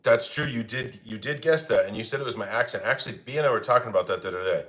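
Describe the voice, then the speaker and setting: A man's voice: mid-range voice, racing, a bit bright. A young man from Arizona casually chatting and joking with viewers while he cooks at home on a livestream. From Arizona, United States. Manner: joking, chatty, laughs often. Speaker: livestream cooking host. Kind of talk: casual live chat reading comments. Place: home kitchen.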